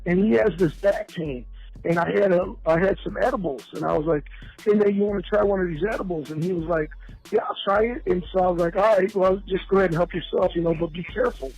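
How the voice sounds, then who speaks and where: A man's voice: high-pitched, fast talker, gravelly, slightly rough, faint music behind, rough recording. A man telling rambling, profane stories in casual chat as a podcast guest. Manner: rambling, profane, animated storytelling.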